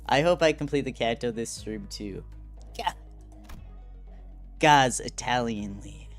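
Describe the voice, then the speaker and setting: A man's voice: medium pitch, expressive, moderate pace, gravelly. A man streaming a game and chatting casually, rambling and joking at his own expense. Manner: rambling, self-deprecating, laughs at himself. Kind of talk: casual gameplay commentary. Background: game music.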